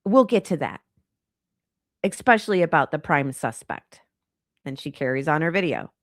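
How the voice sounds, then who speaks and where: A woman's voice: fairly low pitch, lively intonation, normal speed, no room sound, clean studio sound. A congested woman hosting a true crime channel, talking in a chatty, rambling, exasperated way. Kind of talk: casual commentary on a live stream.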